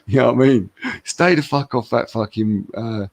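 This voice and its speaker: A man's voice: mid-range voice, normal speed, creaky, no room sound. A man in casual chat, rambling and laid-back as he gives his friend advice. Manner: rambling, laid-back, calling him mate.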